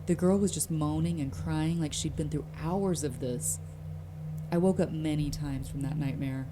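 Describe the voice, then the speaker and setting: A woman reading forum posts aloud in slow, somber horror story narration. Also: sits low, noisy background.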